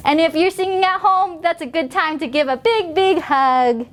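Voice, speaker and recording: A woman who is a children's librarian, reading aloud and teaching preschoolers in a gentle, sing-song way. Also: very high voice, moderate pace. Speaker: children's librarian hosting story time.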